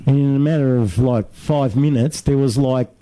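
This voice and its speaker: A man's voice: medium pitch, moderate pace, mellow. A middle-aged man hosting a casual talkback radio chat, chatty and encouraging with his guest.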